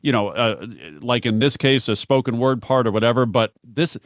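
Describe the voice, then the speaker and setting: A man guesting on a podcast in casual chat, laughing often and dropping into a low bass voice for quoted lines. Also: moderate pace, no echo, studio quality. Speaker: guest, broadcaster.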